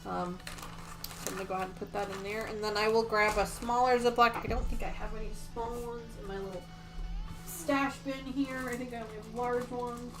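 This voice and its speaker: A woman with a fairly high voice hosts a casual quilting livestream. She chats and gushes as she shows her work and answers viewer comments. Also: fairly even intonation, brisk, over music. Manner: gushing and chatty, reads viewer comments aloud. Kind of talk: casual livestream chat while sewing.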